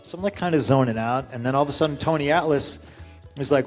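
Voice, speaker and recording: A man casually telling a story in an interview, animated, acting out what people said with a raised voice. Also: mid-range voice, quick pace, soft background music. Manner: animated, acts out quotes with raised voice.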